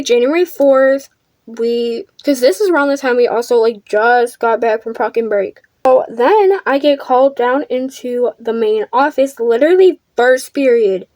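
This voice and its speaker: A teenage girl with a high voice tells a storytime vlog in front of a ring-lit camera. She talks bluntly and defiantly and swears freely, doing her makeup as she goes. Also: darkish tone, dry recording. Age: teens. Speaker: vlogger. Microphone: camera under a ring light.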